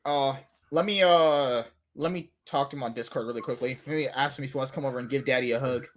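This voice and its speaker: A man's voice: medium pitch, quick pace. A young man hosting a podcast in crude, casual chat. He laughs often and stammers. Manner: giggly, stammering, animated. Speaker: podcast host.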